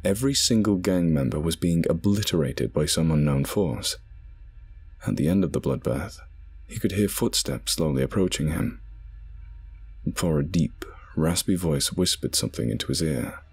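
Deep husky male horror narrator. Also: expressive, normal speed, darkish tone. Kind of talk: scripted horror story narration. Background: background music.

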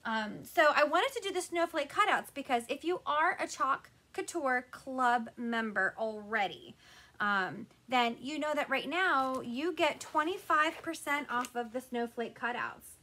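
A woman's voice: high voice, expressive, measured pace, bright, forceful tone. A woman hosting a live crafting stream, chatting casually and greeting her viewers by name.

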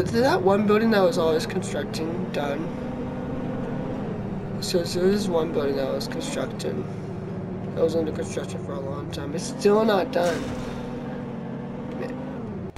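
A man giving casual commentary over his gameplay, sleepy and yawning as he reads the game's prompts aloud. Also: on the high side. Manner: chatty, reads in-game text aloud, yawny and relaxed. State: tired, yawning. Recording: game music under the voice.

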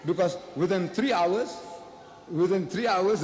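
A man's voice: a little high, animated, normal speed. Man debating in an echoey hall. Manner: rhetorical questions, emphatic and repetitive. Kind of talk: public debate speech. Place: large lecture hall. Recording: echoey hall with faint ambience.

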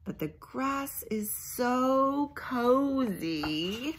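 A woman librarian reading a picture book aloud at bedtime, gently asking the children questions and sinking into a hushed near-whisper. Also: fairly high pitch, drawn-out words, slight background noise.

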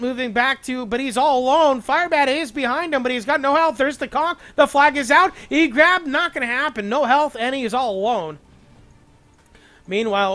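A young man calling a video game match solo as play-by-play commentary, rapid and excitable, with joking asides about himself. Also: very high-pitched. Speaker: esports caster.

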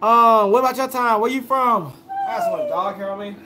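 High-voiced young man reading chat. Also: huge pitch swings, a little fast, noisy background. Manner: casual, reads each comment then answers it. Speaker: food vlogger. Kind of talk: live stream chat, reading viewer comments aloud.

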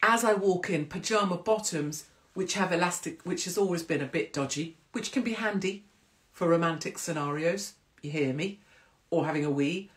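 Woman, forties, livestream host, chatty, animated storyteller. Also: fairly low pitch, moderate pace. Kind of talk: casual chat to live viewers.

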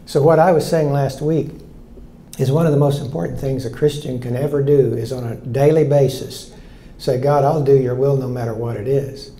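A man's voice: medium pitch, fairly even intonation, normal speed, mellow, roomy sound, slight background noise. A man in his sixties, a pastor preaching an earnest sermon and telling stories, often repeating key lines.

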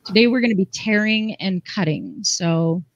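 A woman's voice: medium pitch, moderate pace, muffled recording. A woman hosting a live craft demonstration, chatty and enthusiastic, explaining each step. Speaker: craft show host.

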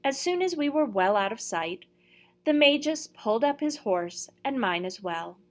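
A woman narrating a first-person novel in a steady, measured storytelling voice. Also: on the high side. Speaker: audiobook reader.

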